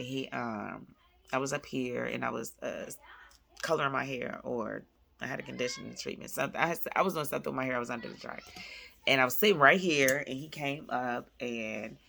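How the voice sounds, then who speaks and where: Chatty woman with a deep, gravelly voice. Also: slight background noise. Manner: chatty, animated, addresses viewers as y'all. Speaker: vlogger, mother. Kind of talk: casual faith-based vlog chat. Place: at home, indoors.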